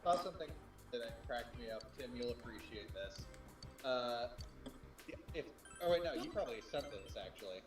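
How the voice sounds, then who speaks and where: A man co-hosts a gaming stream, tossing out teasing jokes in casual chat. His voice echoes around the room. Music plays clearly underneath him. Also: medium pitch, expressive. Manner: joking, quick to tease.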